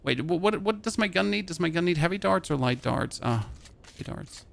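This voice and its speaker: German guy streaming a game, light german accent, gravelly, just chatting away. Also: fairly high pitch, moderate pace, fairly bright tone. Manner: chatty, rambling, thinks aloud while playing. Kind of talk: casual live-stream chat.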